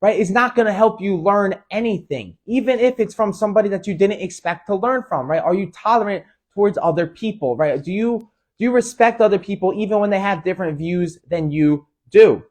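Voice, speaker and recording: A man's voice: high-pitched, brisk. A man hosting a motivational talk, asking the listener questions and tagging nearly every point with "right?", with frequent restarts. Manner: repeats "right?" after each point, restarts often; coaching, asks the listener many questions. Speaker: host.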